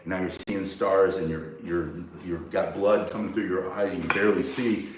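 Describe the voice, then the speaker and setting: A man's voice: low-pitched, fairly even intonation, normal speed, background noise. A man teaching self-defense, bluntly and emphatically walking through each move step by step. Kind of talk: instructional demonstration. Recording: very echoey, mic far from speaker.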